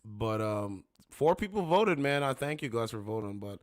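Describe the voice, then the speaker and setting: A man's voice: lowish voice, very animated, normal speed, no echo. A man hosting a casual livestream from his home studio, rambling and repeating "you know what I'm saying". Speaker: livestream host. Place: home studio with two monitors.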